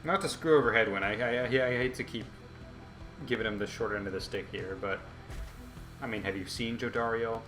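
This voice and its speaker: A man giving chatty, excitable gameplay commentary as a channel host. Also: fairly low pitch, fairly quick. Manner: chatty, excitable, laughs a lot. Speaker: let's play host. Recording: roomy echo, faint game music.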